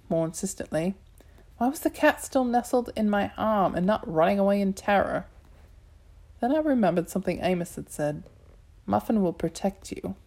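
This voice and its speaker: A woman narrates a first-person novel aloud in a wry, lively way. Her voice sits in an ordinary middle range for a woman. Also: medium pitch. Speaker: audiobook narrator.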